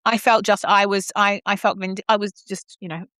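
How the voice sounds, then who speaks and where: A middle-aged Australian woman co-hosting a podcast, telling backstage stories in an animated, blunt way. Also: mid-range voice, normal speed, dry recording, clean studio sound. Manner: animated storyteller, mimics voices, swears freely. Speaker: podcast co-host. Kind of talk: casual chat.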